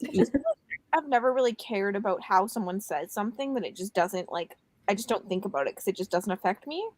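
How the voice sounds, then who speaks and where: A woman's voice: mid-range voice, animated, a little fast, darkish tone, low-quality recording. A woman from Canada chatting casually with friends on a video call, blunt and offhand. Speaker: booktuber. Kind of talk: casual group chat on a call.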